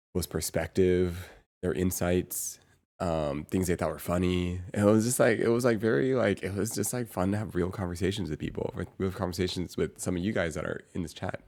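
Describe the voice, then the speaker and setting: A man streamer chatting casually to his viewers, rambling and halting, with lots of fillers and restarts. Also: low voice, a little mellow. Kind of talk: casual live-stream chat.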